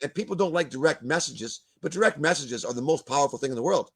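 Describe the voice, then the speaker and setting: A man's voice: fairly high pitch, lively intonation, fast talker, breathy edge. Ranting older man. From Canada. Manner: ranting, blunt, swears, repeats words. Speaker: guest. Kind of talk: heated video-call discussion.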